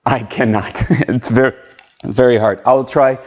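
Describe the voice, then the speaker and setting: A man teaching an English lesson on video, speaking slowly and carefully as he models sounds and words. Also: medium pitch, steady tone. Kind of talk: slow, clear classroom video lesson.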